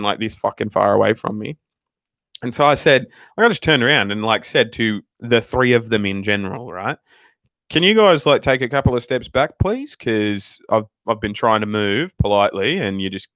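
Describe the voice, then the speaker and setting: A man's voice: fairly low pitch, fairly bright tone, no room sound. A man hosting his channel, telling stories in a swearing, ranting way. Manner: profane, ranting, storytelling. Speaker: channel host. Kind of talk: casual livestream chat.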